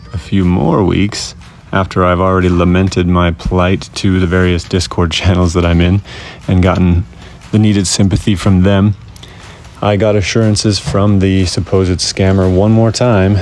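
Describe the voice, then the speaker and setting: Male vlog host, deep voice, dry self-deprecating jokes, faint music underneath. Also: a little mellow. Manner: wry, self-mocking humor. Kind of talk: casual scripted vlog narration.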